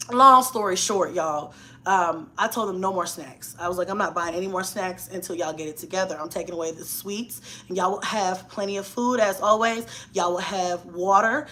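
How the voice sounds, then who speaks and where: Blunt, chatty woman with a bright voice. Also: fairly high pitch. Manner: chatty and blunt, frequent cursing and "you know what I'm saying". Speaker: mom vlogger. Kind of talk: casual chat to camera.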